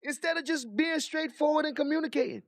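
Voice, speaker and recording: A man's voice: very high-pitched, quick pace, dry recording, studio quality. A man giving casual reaction commentary, incredulous and mocking, swearing and laughing as he talks. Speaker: commentary vlogger.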